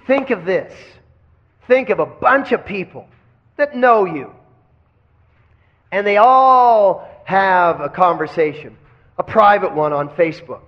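A man's voice: high-pitched, animated, takes it slowly, long pauses. A man teaching kundalini yoga in a live lecture, asking the class questions and having them repeat phrases back. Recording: dull lo-fi recording.

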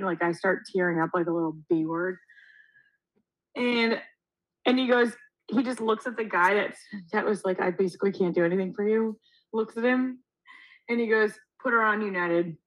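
Animated young woman telling a story. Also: medium pitch, moderate pace, rough recording. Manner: animated, acts out quotes, swears. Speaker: podcast co-host. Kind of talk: casual storytelling chat.

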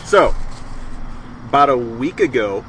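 A man with a bright, forward voice talks through a motorcycle podcast in a loose, rambling way. He speaks at a middle pitch. Faint traffic and passing cars run underneath the recording. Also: slow, rough recording. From Middle Tennessee, US. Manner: relaxed, rambling, laughs easily. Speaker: podcast co-host. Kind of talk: casual motorcycle chat.

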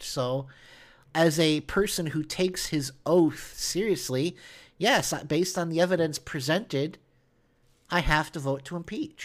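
A man hosting a podcast, arguing earnestly in casual political chat, often restarting his sentences. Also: on the high side. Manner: earnest, argumentative, many restarts. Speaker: podcast host.

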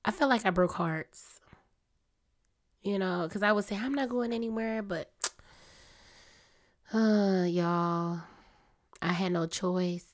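A young adult woman hosting a casual personal podcast, chatty and confiding, her voice a little hoarse and throaty. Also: takes it slowly, pauses often. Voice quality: deeper, grown-up voice than her usual small one. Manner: chatty, confiding, talks straight to listeners as y'all. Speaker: podcast host.

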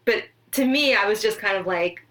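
A woman in her thirties, co-hosting a podcast and telling a story in a chatty, animated way. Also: medium pitch, normal speed, a little hiss or hum, poor audio. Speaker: podcast co-host. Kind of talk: casual chat.

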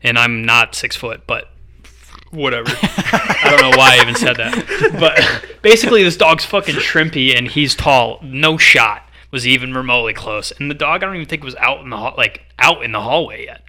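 A man's voice: mid-range voice, animated, moderate pace, pushed and bright. A young man in his twenties, a podcast co-host telling a story in a casual, rambling way with many fillers. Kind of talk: casual chat.

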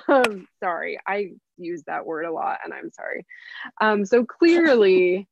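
A woman's voice: mid-range voice, animated, moderate pace, gravelly, no echo, dull audio. A woman chef from San Diego, guesting on a casual talk, speaking candidly with a rambling, laughing delivery. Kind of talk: casual conversational interview.

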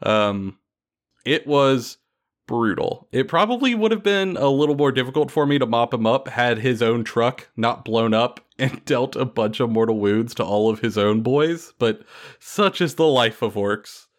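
A man hosts a casual tabletop gaming podcast, telling stories in an animated, playful way with lots of fillers. His voice is mid-range and his pace a little slow.

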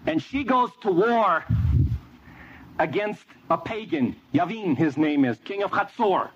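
A man's voice: sits high, animated, unhurried, slightly rough. A man preaching a sermon, telling a story with energy and quizzing the audience. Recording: dull lo-fi with faint noise.

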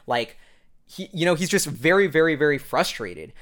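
A man giving a casual, rambling commentary recap as a vlogger, excitable and full of fillers. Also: a little high, moderate pace.

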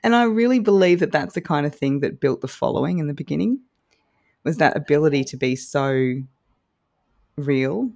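Female guest, broadcast-trained and encouraging; pitched low. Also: lively intonation, normal speed, vocal fry, darkish tone. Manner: polished newsreader-like delivery; upbeat, encouraging. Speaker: guest social media coach. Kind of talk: podcast advice conversation.

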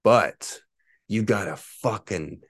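A man's voice: on the low side, takes it slowly, fairly bright tone, no echo, clean studio sound. A man in his forties hosting his own podcast, ranting in a profane, boastful and combative way. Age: 40s. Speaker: podcast host.

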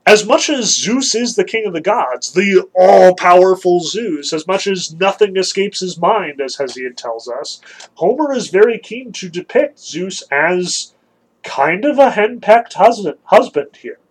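High-voiced, wry male lecturer. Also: animated, measured pace, breathy edge, poor audio. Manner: conversational, emphatic, wry asides. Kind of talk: casual lecture on a classic text.

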